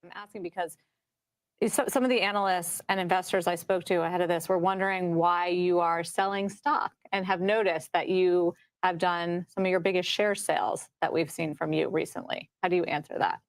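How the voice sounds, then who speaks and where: A woman's voice: on the low side, steady tone, normal speed. A woman interviewing an executive on television, asking direct, probing questions. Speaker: TV business interviewer. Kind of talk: broadcast interview.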